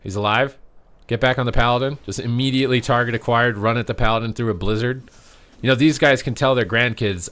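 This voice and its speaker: A man giving slangy, joking live commentary on an esports match, yelling at the big plays. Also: medium pitch, quick pace. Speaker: streamer casting an esports match.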